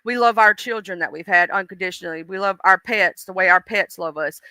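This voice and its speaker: Woman streamer, chatty and laughing, very bright, crisp voice. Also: mid-range voice, fairly quick, dry recording, low-quality recording. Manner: chatty, laughing, talks to chat viewers. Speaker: live stream host. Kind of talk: casual live stream chat.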